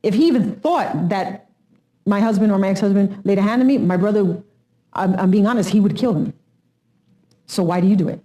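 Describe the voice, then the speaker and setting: In a documentary interview, a middle-aged woman with a medium-pitched voice recalls family events, talking a little fast. She's animated, acting out quotes and laughing often.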